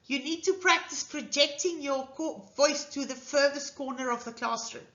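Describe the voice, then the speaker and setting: A woman's voice: high-pitched, moderate pace, fairly bright tone, echoey room, lo-fi sound. A woman giving an earnest, emphatic instructional lecture as a teacher trainer, in a coaching manner.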